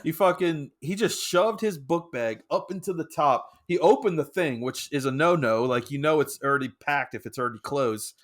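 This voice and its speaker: A man's voice: a little high, normal speed, few pauses. Laughing, swearing man telling a story. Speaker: podcast co-host. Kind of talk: casual chat.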